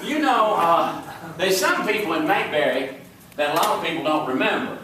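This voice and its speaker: Folksy Southern deputy, a little high-voiced, rambling stage monologue, picked up from far off in an echoey hall. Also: male voice, very animated, normal speed, background noise. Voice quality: rambling, fumbling for words. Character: folksy small-town Southern deputy, male, excitable and boastful. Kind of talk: live stage comedy monologue. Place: stage before an audience.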